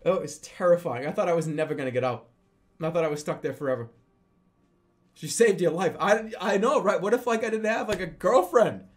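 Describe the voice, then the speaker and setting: A man's voice: high voice, a little fast. A young adult man, a streamer, telling a story in casual, profane speech with frequent laughter.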